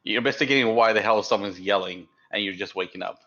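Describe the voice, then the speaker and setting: A man's voice: on the low side, quick pace, bright, forceful tone. Rambling young man running a tabletop game. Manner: rambling, hesitant, many fillers and restarts, laughs often. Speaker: dungeon master. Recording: dull lo-fi sound.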